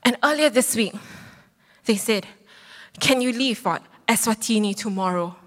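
A woman in her thirties preaching, telling a personal story with lively acted-out quotes. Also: a little high, normal speed. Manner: animated storytelling, acts out quotes. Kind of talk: sermon testimony. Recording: long hall reverb.

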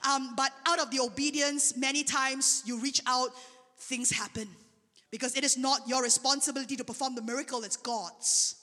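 A woman preaching a sermon, telling a testimony in an animated way. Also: high voice, normal speed. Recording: long hall reverb.

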